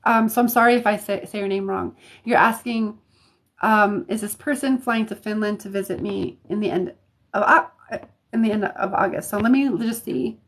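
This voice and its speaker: A woman's voice: medium pitch, fairly even intonation, moderate pace. An American woman chatting on a livestream as a psychic reader, talking casually with many fillers and restarts.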